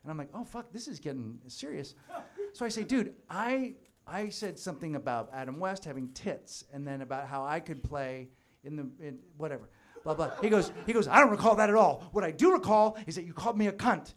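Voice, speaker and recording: A man's voice: on the high side, animated, quick pace, a bit bright. A man co-hosting a live comedy podcast, telling a joking story in a rowdy, crude way. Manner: rowdy, joking anecdote teller. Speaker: podcast co-host.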